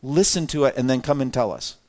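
A man of middle pitch teaches a Bible class in a relaxed, conversational manner. He reads scripture aloud with lively emphasis, then breaks off to explain it and put questions to his listeners. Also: brisk.

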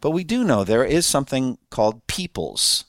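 A man's voice: mid-range voice, big pitch swings, moderate pace, no echo, clean studio sound. A man preaching a sermon in a conversational way, laughing often and asking his listeners questions. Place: room with an audience.

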